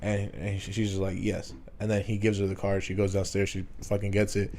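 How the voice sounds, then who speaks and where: A man's voice: lowish voice, completely flat delivery, brisk, darkish tone, slight background noise. A man co-hosting a podcast, telling a rambling, profane workplace story with frequent laughs. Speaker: podcast co-host. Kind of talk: casual storytelling chat.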